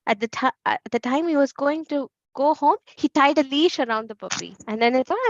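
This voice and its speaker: A woman teaching a children's class, telling a story and asking the kids questions in an animated way. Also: high voice, a little fast, no room sound, highs cut off.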